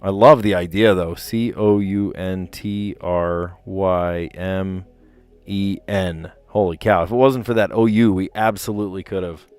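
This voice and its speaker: A man's voice: deep voice, steady tone, measured pace, a little mellow, smooth, faint music behind. A man casually chatting on a live stream, reading puzzle clues aloud and rambling to his viewers. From New Jersey.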